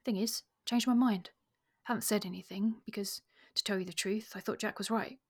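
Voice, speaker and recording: A bashful, plain-spoken young gentleman speaks in clipped, slangy phrases, as a woman reads him aloud. The voice is soft and husky, kept low and hushed. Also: steady tone, normal speed, natural voice. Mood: earnest.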